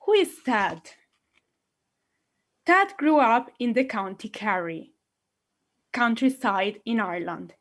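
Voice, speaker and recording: Slow-speaking Italian woman, theatrical. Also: fairly high pitch, animated. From Italy. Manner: playful, theatrical, addresses audience directly. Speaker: meeting host. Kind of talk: enthusiastic public address.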